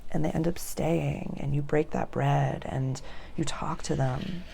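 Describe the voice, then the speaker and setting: A woman giving a casual, earnest astrology reading, often dropping to soft near-whispers. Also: low voice, steady tone, measured pace, gravelly, a little hiss or hum.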